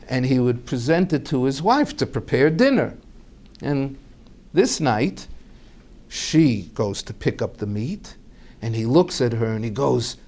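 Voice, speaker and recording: A man tells a family story aloud, slowly and with great animation. His fairly high voice rises and falls widely as he acts out each character in turn. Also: darkish tone.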